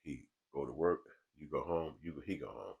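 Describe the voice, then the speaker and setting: Very deep gravelly laid-back man. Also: normal speed, phone-quality sound. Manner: calm, low, mellowed-out tone; laid-back, swearing street talk. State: relaxed from smoking. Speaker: vlog host. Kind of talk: casual commentary to camera. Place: small studio room, alone. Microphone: small camera mic.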